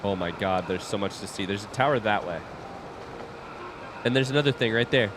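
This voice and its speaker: A young man commentating his own blind playthrough of a video game, awestruck and excitable, swearing when surprised. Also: lowish voice, a little fast, background noise. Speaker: gaming streamer. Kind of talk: live gameplay commentary.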